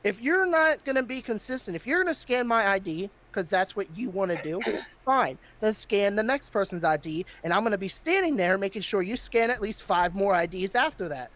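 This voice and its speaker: A man's voice: high-pitched, animated, a little fast, a bit bright. A man hosting a podcast, telling a story in casual chat and getting heated, with plenty of swearing. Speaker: podcast host.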